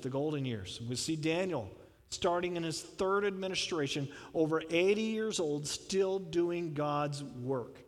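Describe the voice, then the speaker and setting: A man preaching a sermon as pastor, emphatic and rising into fervent appeals, then closing in prayer. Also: on the high side. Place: church sanctuary. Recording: long hall reverb.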